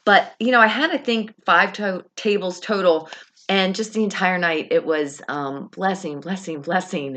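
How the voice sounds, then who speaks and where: Animated woman telling a faith story. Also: on the low side, moderate pace. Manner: animated, rising excitement, quoting herself and others. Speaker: vlogger sharing a faith testimony. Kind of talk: casual storytelling.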